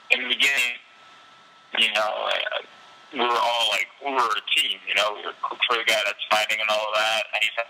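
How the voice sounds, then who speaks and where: A man's voice: fairly low pitch, sharp tone, poor audio. A professional fighter being interviewed, a man telling his story candidly and casually, with loose fillers and frequent laughs.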